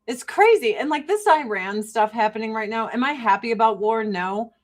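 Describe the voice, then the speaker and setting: A woman with a fairly high voice, ranting casually and swearing freely. She is sarcastic, laughs through her own points and speaks bluntly. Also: lively intonation, normal speed. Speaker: podcast host.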